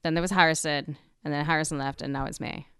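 A woman with a northern English accent co-hosting a podcast, bubbly and quick to laugh. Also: deep voice, fairly even intonation, fairly bright tone, smooth, no room sound, clean studio sound. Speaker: podcast co-host. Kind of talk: casual chat.

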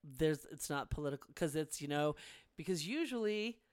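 Chatty, animated woman, smooth clear voice. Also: sits low, moderate pace, dry recording, clean studio sound. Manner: chatty, animated, swears freely. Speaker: podcast co-host. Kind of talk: casual chat.

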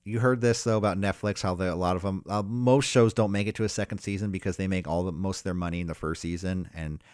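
A man's voice: quick pace, clear, resonant tone, no room sound, clean studio sound. A man co-hosting a casual wrestling podcast, recapping matches in a loose, swearing, joking way. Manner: animated, loose, swears, mocks wrestlers in high shouted voices.

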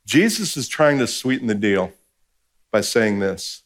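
A pastor giving a sermon in a conversational style, acting out quoted voices and swinging between hushed, low passages and raised, emphatic ones. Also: male voice, very animated, measured pace.

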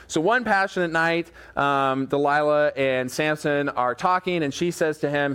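A man with a fairly high voice preaching to his congregation. He tells the story in an animated way, acting out lines and stopping for quick asides. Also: smooth. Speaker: pastor. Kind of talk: sermon retelling a Bible story.

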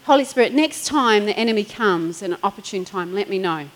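A woman's voice: mid-range voice, animated, brisk, rough recording. A middle-aged woman pastor, preaching in a chatty storytelling way, laughing and acting out quotes. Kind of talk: sermon.

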